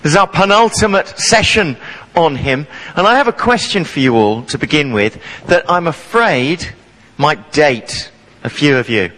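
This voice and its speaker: A man's voice: on the high side, animated, normal speed, bright, forceful tone, poor audio. A man in his forties preaching a sermon, telling stories playfully and with humour. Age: 40s. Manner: humorous storytelling, playful.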